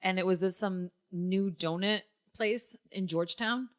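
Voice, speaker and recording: A young woman hosting a casual podcast, telling a long story and swinging up into high, excited tones. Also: measured pace. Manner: animated storyteller, jumps to high excited pitch. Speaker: podcast host.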